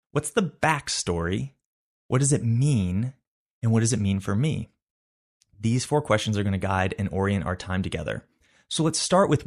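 A man hosting a devotional Bible study, talking in an earnest, reflective and conversational way. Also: mid-range voice.

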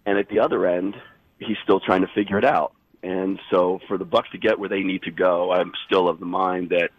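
A man with a cold phones in to a sports radio show, his voice very low and husky. He analyzes at length, circling back and restarting. The call comes through a dull, muffled phone line with no room sound. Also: fairly bright tone, no echo. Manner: thoughtful, rambling with restarts. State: fighting a cold, deep husky voice. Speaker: NBA insider guest.

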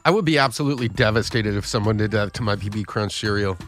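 A man co-hosting a casual radio show, jokey, with quick quips and laughs. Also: lowish voice, fairly bright tone, soft background music. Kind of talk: casual morning radio chat.

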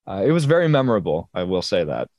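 Young male musician guest, low voice, dry close sound, rambling with stammered restarts. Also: sing-song, fast talker, darkish tone, dry recording. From New Jersey. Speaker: singer-songwriter guest. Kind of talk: casual interview chat.

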